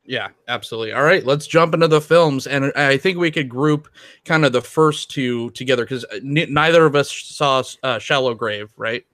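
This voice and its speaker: A man's voice: medium pitch, moderate pace, fairly bright tone, dry recording. A man co-hosting a podcast, talking about films in a rambling way with lots of restarts and ums. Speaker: podcast co-host. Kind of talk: casual film discussion.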